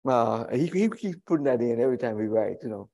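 A man's voice: medium pitch, animated, a little fast, vocal fry, warm tone. A male pastor preaching a sermon in a folksy, conversational way, with humorous asides to the congregation.

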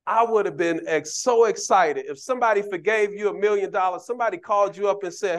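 Man preaching with a slightly raised pitch. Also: fast, hardly any pauses. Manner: humorous, conversational preaching with audience asides. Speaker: deacon preaching. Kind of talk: sermon. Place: church.

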